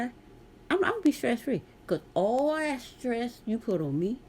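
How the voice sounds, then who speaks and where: A woman's voice: fairly high pitch, sing-song, moderate pace, darkish tone, breathy edge. A middle-aged woman, telling a story to camera in a blunt, sassy way. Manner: sassy, blunt, talks straight to viewer. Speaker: vlogger.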